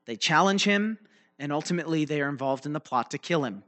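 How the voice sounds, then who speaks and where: Talking fast in a voice that's a little high, expressive and a bit bright, this man explains a Bible passage in a teaching sermon. His delivery is loose, full of fillers and restarts, and he keeps checking in with his audience by asking "right?" and "okay?"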